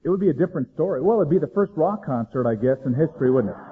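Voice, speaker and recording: A man preaching a sermon, dramatic, swinging between loud emphasis and hushed low lines. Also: animated, rapid-fire, breathy edge, narrow, tinny audio. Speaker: pastor.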